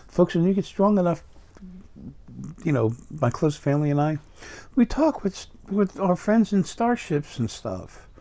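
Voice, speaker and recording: A man's voice: sits high, big pitch swings, unhurried, warm tone. A middle-aged man with a New York accent talking in a rambling, casual monologue full of fillers and restarts. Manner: meandering, many fillers and restarts. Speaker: spiritual video host.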